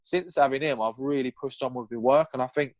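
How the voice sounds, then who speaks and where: A young man telling his story in a casual podcast chat, animated and swearing now and then, acting out what he said back then. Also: medium pitch, brisk, dry recording. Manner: animated, acts out his own past lines in a raised voice. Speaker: podcast guest.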